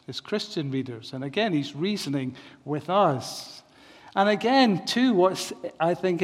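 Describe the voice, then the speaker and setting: A man preaching a sermon, reasoning through his points in a measured way with some restarts. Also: a little high. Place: church. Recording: long reverb of a church hall.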